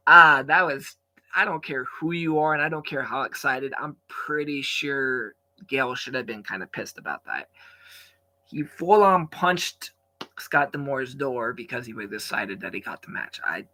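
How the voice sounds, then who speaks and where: Bright-voiced chatty man recapping wrestling. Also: medium pitch, lively intonation, unhurried. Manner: rambling, chatty, lots of fillers and restarts. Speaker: wrestling show reviewer. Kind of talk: casual recap commentary.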